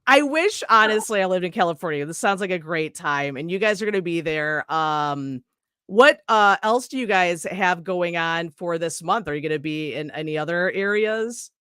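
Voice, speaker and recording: Woman from illinois, giggly podcast co-host, smooth clear voice, dry close sound. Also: lowish voice, lively intonation, moderate pace, a bit bright, no echo. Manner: giggly, chatty, jokey. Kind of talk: casual interview chat.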